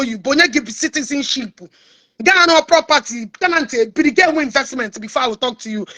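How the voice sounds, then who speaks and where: Nigerian woman, Igbo accent, high bright voice; scornful, combative online rant. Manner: mocking, confrontational, mixing English and Igbo. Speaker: social media personality. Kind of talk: heated social media rant.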